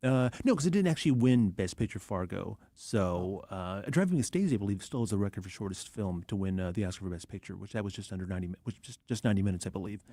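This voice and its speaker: A man's voice: on the low side, animated, dark tone, no room sound. A man hosting a radio show, talking about films with enthusiasm and frequent restarts. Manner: enthusiastic, fast, many restarts. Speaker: radio host, film discussion. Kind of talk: casual radio talk. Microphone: studio microphone.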